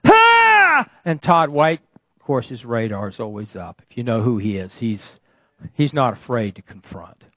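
A man's voice: mid-range voice, moderate pace, no room sound. Older male pastor, sermon, storytelling, big swings in volume, dull dry recording. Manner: storytelling preacher, swings from hushed to loud exclamations.

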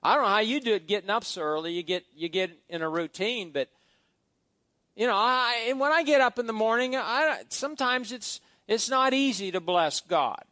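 A man's voice: high voice, animated, moderate pace, pushed and bright, no room sound. A middle-aged man preaching a sermon as pastor, reading scripture aloud with exuberant emphasis and folksy asides.

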